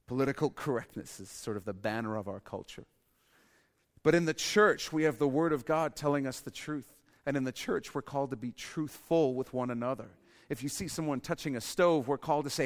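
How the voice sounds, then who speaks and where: A male pastor giving a sermon in an animated way, with humorous asides and bursts of loud emphasis. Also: medium pitch, brisk, long reverb tail.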